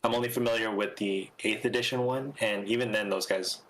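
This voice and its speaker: A man's voice: fairly low pitch, steady tone, fairly quick, a bit bright, slight background noise, rough recording. A man talking casually on a podcast. He hedges and hesitates, with plenty of filler words. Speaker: league podcast co-host.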